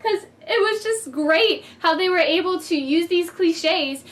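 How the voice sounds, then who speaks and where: A bubbly woman chatting through a casual movie review with a bright, high voice. She talks like she's telling friends about it and keeps slipping into giggles. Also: lively intonation, unhurried.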